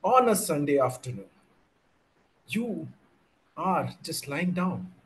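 A man's voice: on the high side, big pitch swings, slow pace, voice pushed up, poor audio. A man mimicking a bossy, nagging wife. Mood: scolding.

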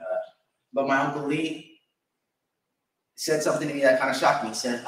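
A man's voice: mid-range voice, moderate pace, fairly bright tone, slight background noise. A young man giving a personal memorial tribute, telling stories and chuckling fondly. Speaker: eulogy speaker. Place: church sanctuary. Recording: echoey church from far off.

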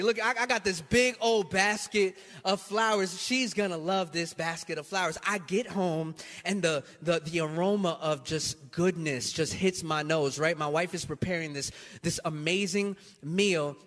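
A man's voice: sits high, a little slow, few pauses, fairly bright tone, big-room sound. A pastor from New York City telling a funny story in his sermon, acting out both sides of it.

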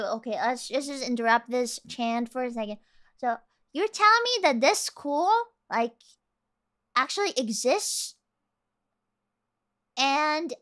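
A young woman from Europe comments casually on a game as she streams it, jumping from shock to musing. Her voice is high and bright. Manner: animated, exclaiming, giggly asides.

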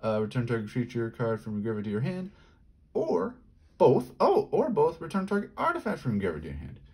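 Excitable man opening card packs. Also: slightly rough. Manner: excitable, yelping in high bursts; rattles off card text quickly. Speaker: card pack opener. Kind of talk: casual pack-opening commentary.

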